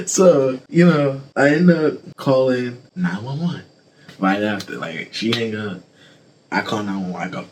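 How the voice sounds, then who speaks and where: A man's voice: mid-range voice, lively intonation, normal speed, background noise. A man vlogger telling a casual storytime full of swearing, laughter and fillers. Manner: rambling, profane, laughing, filler-heavy. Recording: background music behind voice.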